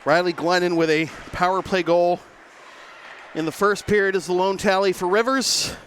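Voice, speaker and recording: A man's voice: high-pitched, a little hiss or hum. A man calling a hockey game play-by-play from a rink press box, a bit out of breath at the start. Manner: quick, energetic play-by-play delivery. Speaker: play-by-play commentator. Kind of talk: live sports commentary.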